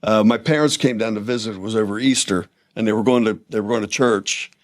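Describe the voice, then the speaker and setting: A man's voice: lowish voice, steady tone, quick pace, no echo, clean studio sound. A man in his sixties, a military veteran guest, recalling his service in a plain, easygoing way in a casual interview. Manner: plain, easygoing recollection with fillers.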